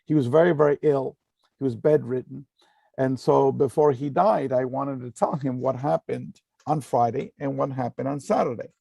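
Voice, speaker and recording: A man's voice: mid-range voice, steady tone, normal speed, gravelly, mellow, breathy edge, dry recording. A middle-aged man earnestly telling a personal story in a talk, with many fillers and repeated phrases. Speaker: speaker giving a talk.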